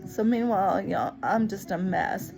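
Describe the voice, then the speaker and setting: A woman telling a personal story in a lively, expressive way, acting out other people's lines as she goes. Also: mid-range voice, normal speed, vocal fry, poor audio. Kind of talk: personal story told to the camera.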